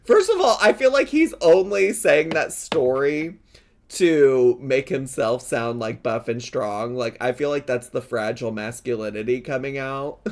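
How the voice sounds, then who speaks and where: A man's voice: mid-range voice, lively intonation, unhurried. A man giving casual reaction commentary, giggly, sarcastic and rambling.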